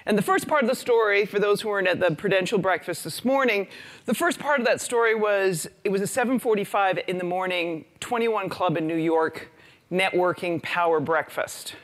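A woman's voice: medium pitch, moderate pace. A woman giving a humorous, storytelling talk to an audience as an invited speaker. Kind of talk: conference talk.

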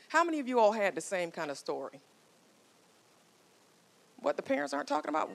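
A woman's voice: mid-range voice, expressive, quick pace, creaky, long pauses. A woman in her forties giving a motivational talk, telling stories and coaxing the audience with questions. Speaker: marriage speaker.

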